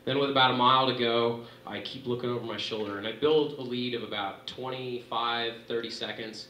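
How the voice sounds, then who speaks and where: A young man tells a race story to a dinner crowd, animated and excited, his voice pushing up high at the thrilling moments. His tone is bright and forceful. He is recorded from across an echoey banquet room, with faint room ambience behind him. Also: a little fast, recorded from a distance, slight background noise. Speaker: athlete giving a dinner speech. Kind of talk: storytelling speech.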